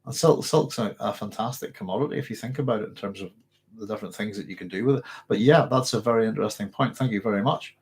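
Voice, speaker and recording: Husky-voiced man hosting a viewer Q&A. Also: lowish voice, fast talker. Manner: thinks aloud, corrects himself, thanks viewers. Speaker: host answering viewer questions. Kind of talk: live-stream Q&A chat.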